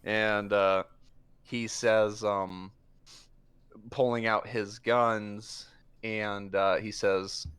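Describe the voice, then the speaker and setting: A man narrating as game master in a tabletop game, halting with many fillers. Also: on the low side, flat delivery, a bit bright, clean tone. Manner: halting, filler-heavy narration with quick voiced asides.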